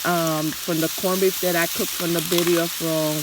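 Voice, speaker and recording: In her home kitchen at the stove, a cooking channel host from the New Jersey and New York area gives a casual demonstration, chatty and enthusiastic, addressing viewers directly while losing her voice. It's fairly low with little pitch movement at normal speed, and the recording is very noisy.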